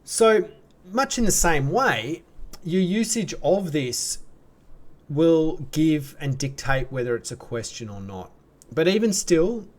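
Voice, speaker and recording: A man with an Australian accent, explaining grammar in a relaxed, chatty teaching style with fillers and restarts. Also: on the high side. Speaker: language teacher. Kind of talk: casual explanatory lesson.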